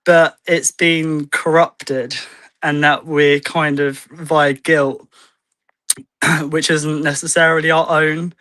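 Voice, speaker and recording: A man in casual spiritual chat on a video call, out of breath and hesitant, with many fillers and pauses. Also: on the high side, level tone, a bit bright, no echo. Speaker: co-host.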